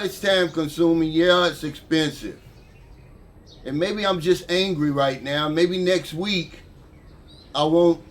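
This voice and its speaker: Older man, casual vlog monologue, fed-up heated manner, slightly high voice. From United States. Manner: frustrated, heated, conversational. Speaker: vlogger.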